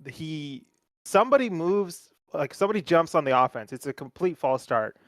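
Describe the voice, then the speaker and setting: Young male podcast host, higher voice, dry close sound, profane and animated storyteller. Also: normal speed, dry recording. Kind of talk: casual sports chat.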